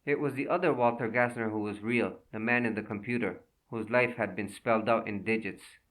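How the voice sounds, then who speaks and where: A man's voice: fairly low pitch, steady tone, fairly quick, a bit bright, distant mic, poor audio. Man narrating a thriller audiobook.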